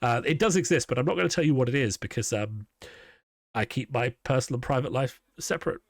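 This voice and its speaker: A man's voice: mid-range voice, animated, quick pace, dry recording, clean studio sound. A man in casual podcast chat, rambling with self-deprecating asides.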